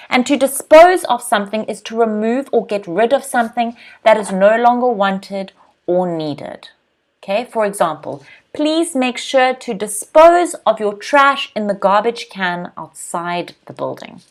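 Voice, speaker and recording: A woman in her thirties teaching an English lesson, repeating words slowly and clearly for pronunciation practice. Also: fairly high pitch.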